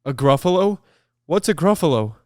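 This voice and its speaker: A man's voice: a little high, sing-song, moderate pace, warm tone, no room sound, studio quality, pitched above the performer's own voice. A man voicing a sly, hungry snake that sweet-talks its prey while reading a children's picture book aloud. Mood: coaxing. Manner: coaxing, storybook read-aloud.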